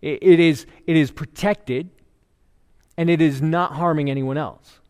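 Middle-aged male pastor, easygoing storytelling sermon, voice a touch high, long hall reverb. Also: steady tone, a little slow, darkish tone, clean tone. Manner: conversational preaching with joke storytelling.

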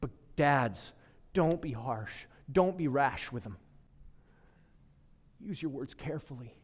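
A man in his thirties preaching a sermon, talking to the congregation like a conversation, dropping to a hush and then rising with emphasis. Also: mid-range voice, expressive, slow, husky. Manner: conversational preaching, shifting between hushed and emphatic. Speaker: pastor. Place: church hall. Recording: long hall reverb.

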